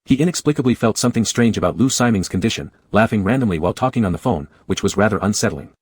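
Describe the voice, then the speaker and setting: A man narrating a romance comic story in an even, measured way. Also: fairly low pitch, slightly rough, no echo. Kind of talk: scripted audiobook narration.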